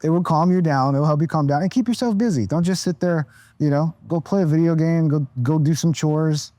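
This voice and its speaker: A man's voice: on the high side, fairly quick, dark tone. A man in his thirties sounds tired as he talks on a podcast. He rambles in a loose, laid-back way, swearing freely and restarting his sentences. His voice is dry and close, with no room echo. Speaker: podcast guest, content creator. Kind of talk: casual podcast chat.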